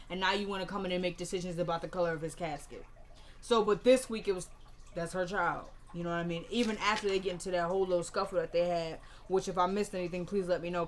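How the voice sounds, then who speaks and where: A woman's voice: on the low side, slight background noise. A young woman casually recapping a TV episode on her vlog, chatting and acting out the dialogue. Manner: animated, acts out dialogue, chatty. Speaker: TV show reviewer. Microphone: camera mic.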